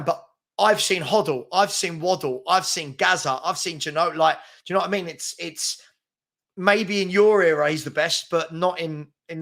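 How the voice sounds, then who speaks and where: A middle-aged man chats on a daily football live stream, answering viewer comments. His voice sits a little high. He argues in an animated, exasperated way. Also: creaky.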